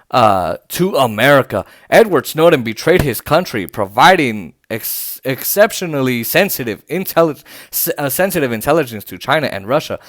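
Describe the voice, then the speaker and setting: A man's voice: medium pitch, fairly bright tone, no echo, clean studio sound. A man hosting a political commentary podcast, sarcastic and indignant, reading posts aloud with many fillers and restarts. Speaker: podcast host. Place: home.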